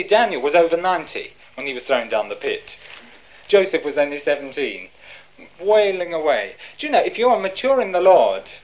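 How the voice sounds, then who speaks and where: A woman's voice: sits low, darkish tone, highs cut off. A woman preaching a sermon, asking rhetorical questions and answering them herself.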